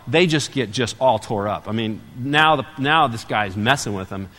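Pastor, middle-aged man, slightly high voice, animated sermon delivery, long hall reverb. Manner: animated storytelling, swings from loud to hushed.

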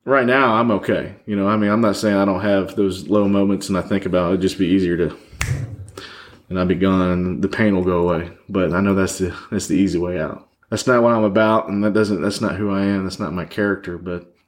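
A man with a fairly low voice talks as a guest on a podcast. He tells his story candidly and rambles, leaning on fillers. He sits across a table from the host. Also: fairly even intonation, a little fast. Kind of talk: personal story in conversation.

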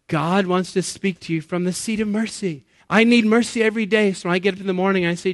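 A man's voice: high-pitched, fairly even intonation, a little fast, no echo, clean studio sound. A man in his late thirties preaching a sermon to a live audience, talking in an earnest, conversational way, laughing at himself and putting questions to the listeners. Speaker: pastor. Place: church or meeting hall with an audience.

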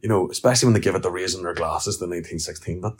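A man's voice: deep voice, very fast, slightly rough. A middle-aged man with a Northern Irish accent, ranting and telling blunt, sweary stories as a podcast host. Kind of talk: casual ranting monologue.

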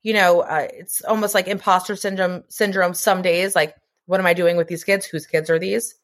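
A woman's voice: on the low side, steady tone, moderate pace. Chatty earnest woman co-host. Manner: earnest and chatty, swears casually. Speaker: podcast co-host. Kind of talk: casual chat.

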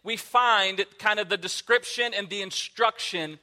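A man's voice: high-pitched, a little slow, bright, forceful tone. A man who is a lead pastor, giving a sermon in a casual, conversational way with frequent fillers.

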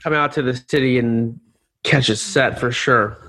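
A man's voice: medium pitch, measured pace, bright, forceful tone. A man co-hosting a casual podcast, easygoing, often echoing the others and swearing casually. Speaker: podcast co-host.

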